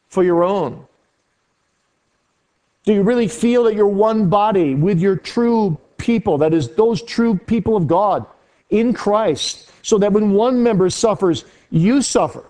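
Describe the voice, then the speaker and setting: High-pitched preaching man, earnest and dynamic. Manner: earnest preaching with wide swings in pitch and loudness. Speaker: pastor. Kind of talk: sermon.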